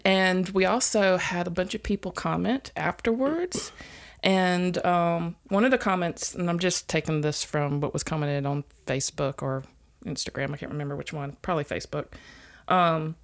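A woman's voice: fairly low pitch, gravelly. A woman with a Southern US accent, co-hosting a podcast in rambling, blunt casual chat, swearing freely. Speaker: podcast co-host.

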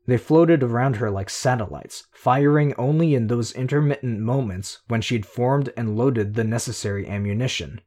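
A man narrating a first-person audiobook in a steady, measured way. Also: medium pitch.

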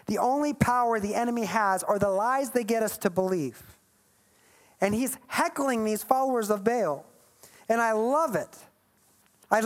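A woman delivers a sermon, reading scripture and adding emphatic, lighthearted asides. Her voice sits somewhat high for a woman. She presses her points with repetition. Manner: emphatic, playful asides, reads scripture aloud. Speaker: preacher.

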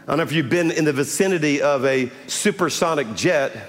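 A man delivers a sermon from the pulpit, his voice sitting a bit high and climbing into shouted exhortations. He tells stories casually, then calls out to the congregation for response. The sound carries a long church reverb with soft piano and a faint crowd behind. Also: a little fast. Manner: builds to shouted, rising exhortation with call-and-response. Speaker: pastor. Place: large church sanctuary with audience.

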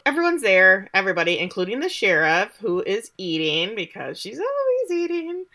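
A young woman co-host recaps a show with sarcastic asides. Her voice is bright and sits at a middle pitch. She talks casually and keeps the recap moving. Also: huge pitch swings, normal speed. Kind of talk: casual chat.

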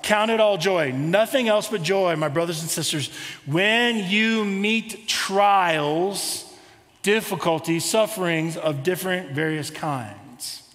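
Male pastor, high voice, casual preaching style, long reverb of a church hall. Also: takes it slowly, a bit bright. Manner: conversational preaching with rhetorical questions. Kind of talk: sermon.

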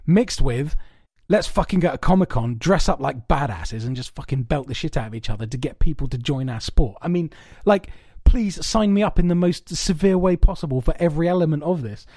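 A man's voice: on the high side, fairly quick, few pauses, dry recording. Rambling, sweary man telling stories. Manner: rambling, animated storytelling, swears a lot. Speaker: podcast co-host. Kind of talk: casual podcast chat. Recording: dry, soundproofed home room.

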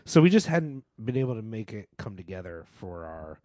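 A man co-hosting a podcast in casual chat, dry and teasing with deadpan jokes. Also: on the low side, brisk, dry recording. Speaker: podcast co-host.

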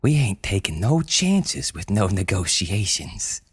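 A man puts on a middle-aged woman president, steady and commanding with a hint of fluster. The voice is lifted above his own and a bit husky, dry and close. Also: lowish voice, moderate pace, no room sound, voice pushed up. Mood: determined. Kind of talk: storytelling audio drama.

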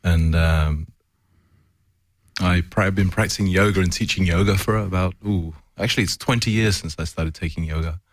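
A man's voice: sits low, steady tone, normal speed, no echo, clean studio sound. A man speaking as a talk show guest, an acupuncturist and yoga teacher, talking hesitantly with many fillers. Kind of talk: casual interview conversation.

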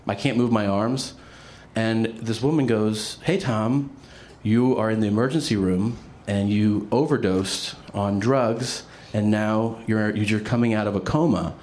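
A man's voice: lowish voice, unhurried, hardly any pauses. Man telling a story with laughs. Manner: laughing often, animated quoted voices, frequent fillers. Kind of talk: casual storytelling.

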